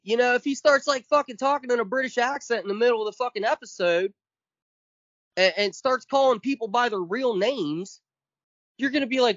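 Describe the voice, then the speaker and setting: A man's voice: very high-pitched, lively intonation, a little fast, fairly bright tone, no echo. A man co-hosting a podcast, ranting casually and emphatically with lots of swearing, counting off his points one by one. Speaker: podcast co-host. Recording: dull lo-fi dry sound.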